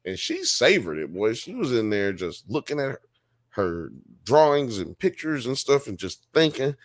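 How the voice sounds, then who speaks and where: A man from Alabama, co-hosting a casual TV review chat in an animated, profane way. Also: medium pitch, normal speed. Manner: animated, profane, acts out characters. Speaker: podcast co-host.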